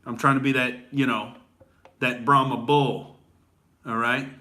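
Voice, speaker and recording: Young guy comedian ranting like a gym bro, bright voice, keeps saying dude and all right. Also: medium pitch, little pitch movement, measured pace. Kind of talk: stand-up style comedy rant.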